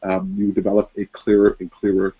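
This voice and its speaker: A man's voice: low-pitched, monotone, a little fast, mellow, slightly rough, muffled recording. A man hosting an online talk, speaking reflectively with many fillers while a little under the weather. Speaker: host. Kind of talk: casual motivational talk. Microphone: video call.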